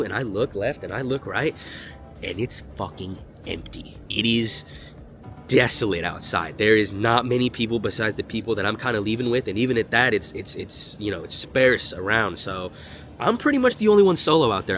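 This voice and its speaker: A young man telling a storytime vlog in an animated, slangy and profane way. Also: medium pitch. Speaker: vlogger.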